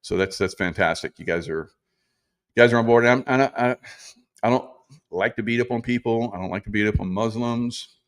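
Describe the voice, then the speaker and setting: A man's voice: medium pitch, a little fast. A man in his sixties from South Carolina, hosting a casual livestream, rambling through political commentary with frequent laughs and mocking impressions while reading viewer comments. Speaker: livestream host.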